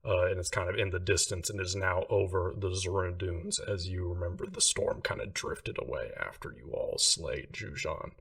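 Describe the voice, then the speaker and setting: A man's voice: sits low, moderate pace, vocal fry, few pauses, fairly bright tone, distant mic. A man narrating as game master of a tabletop game, in loose, casual narration with lots of fillers.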